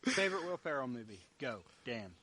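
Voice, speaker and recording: Animated man retelling comedy scenes. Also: mid-range voice, fairly quick, crowd noise. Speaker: podcast host. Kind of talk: casual chat.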